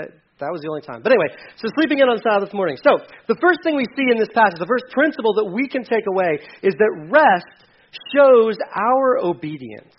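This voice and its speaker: A man in his thirties preaching a sermon in a conversational way, with sudden emphatic bursts. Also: on the high side. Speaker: pastor. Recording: dull lo-fi sound.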